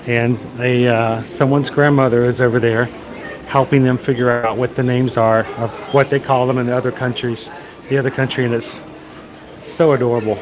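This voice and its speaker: A man's voice: medium pitch, flat delivery, normal speed. A man casually hosting a walking livestream, chatting and joking as he strolls around. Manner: chatty, meandering, with light jokes. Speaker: livestream host. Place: outdoor theme park walkway. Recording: busy theme park crowd behind.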